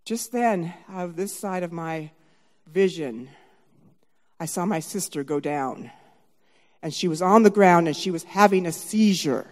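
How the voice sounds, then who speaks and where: A middle-aged woman telling a personal story live on stage, animated and dramatic, swinging from hushed asides to shouted lines. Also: on the low side, measured pace, big-room sound.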